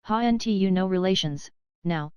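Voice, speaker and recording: Female reader as a fawning, wheezy old money-grubber, crafty and frail, crisp dry storybook read. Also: mid-range voice, moderate pace, darkish tone, dry recording, dull audio, lightly acted. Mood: wheedling. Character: wheedling, grasping frail old moneylender man.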